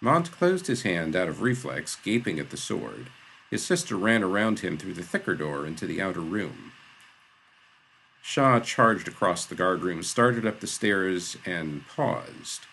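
A man narrates an adventure audiobook in a steady, descriptive way. His voice is very deep, with a gravelly, husky texture and a lively pitch range. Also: measured pace, a little hiss or hum.

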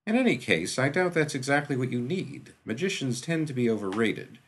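A man's voice: medium pitch, very animated, brisk, slightly rough, pitched above the performer's own voice. A man voicing a dry, pompous physician who speaks in a precise, wordy, drawling way. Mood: dry, unruffled. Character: dry, pompous middle-aged male physician.

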